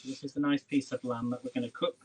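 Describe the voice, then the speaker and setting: A man hosts a casual live cooking demo from his home kitchen, rambling and chatting with viewers as he works. His medium-pitched voice is darkish and husky, with little pitch movement and a quick pace. The recording quality is low.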